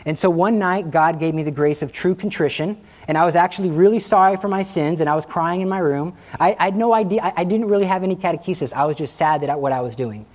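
A man in his thirties, a Catholic speaker, telling a personal faith story in an informal talk, lively and acting out voices. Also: a little high, quick pace, few pauses. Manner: animated, acts out quotes, laughs at himself. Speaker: Catholic speaker giving a testimony.

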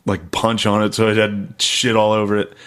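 A young man telling crude stories in casual chat, laughing often and quoting people in a high squeal. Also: completely flat delivery, moderate pace, fairly bright tone, smooth.

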